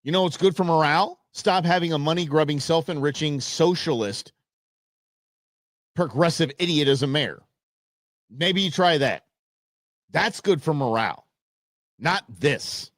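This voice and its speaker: A male host tears into a news clip with heated sarcasm, his voice leaping from mocking highs to low mutters. His voice sits a touch high for a man and sounds dry and close. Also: animated, unhurried, pauses often, no room sound. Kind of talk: opinion commentary over a news clip.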